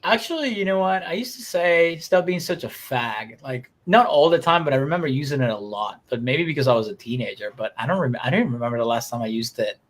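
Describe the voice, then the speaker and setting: A man's voice: mid-range voice, lively intonation, fast talker, hardly any pauses. A man co-hosting a casual podcast, telling stories in a loose, profane way. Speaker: podcast co-host. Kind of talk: casual chat.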